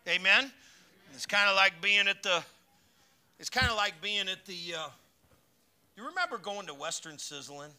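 A man preaching at a church service, with a high, very bright and forceful voice. He mixes folksy, joking asides into his scripture reading, and he gets louder and higher when he exhorts the congregation. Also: normal speed. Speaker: pastor. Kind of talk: sermon.

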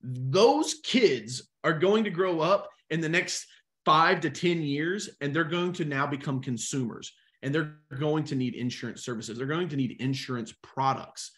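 A young adult man coaching insurance agents in a live webinar, energetic and talking straight to the chat. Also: on the high side, measured pace. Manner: energetic, animated, talks to the chat.

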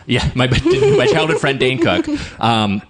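A man's voice: medium pitch, huge pitch swings, unhurried. A man from Southern California co-hosting a comedy podcast, telling rambling anecdotes full of fillers. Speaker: podcast co-host. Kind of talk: casual comedic chat.

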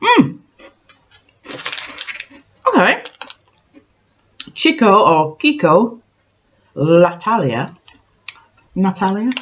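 A woman chats on camera while she tastes snacks. Her voice sits fairly low but swings widely in pitch, and she talks unhurriedly. She jokes about herself and thinks out loud, with a faint hiss in the background. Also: animated, measured pace, long pauses. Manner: chatty, self-mocking, thinks aloud while tasting. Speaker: vlogger. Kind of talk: casual snack-tasting chat.

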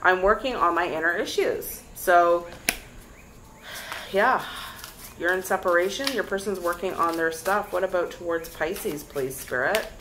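A young woman giving a casual tarot reading to camera, chatty and lively, talking straight to her viewers. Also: on the low side, unhurried, background noise. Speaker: tarot reader.

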